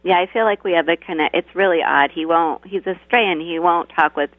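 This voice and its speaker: A woman calling into a radio show, soft and agreeable, murmuring assent often, heard over a phone line. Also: fairly low pitch, a little fast, no echo. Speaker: caller. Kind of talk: phone-in conversation.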